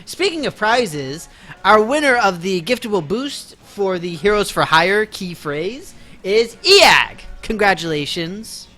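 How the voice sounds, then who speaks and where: A man's voice: high-pitched, very animated, takes it slowly, bright, forceful tone, faint music behind. A man chatting casually with his viewers during a live game stream, laughing often and teasing them with mock offense.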